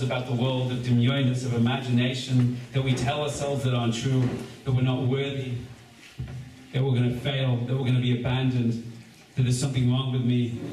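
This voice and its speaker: Energetic rabbi teaching in an echoey room. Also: male voice, mid-range voice. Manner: joking, energetic, addresses the crowd directly. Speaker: rabbi leading a seder. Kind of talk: lively teaching to a live gathering. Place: large echoey room with a gathering. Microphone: distant room recording. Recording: echoey room recording from far off with background noise.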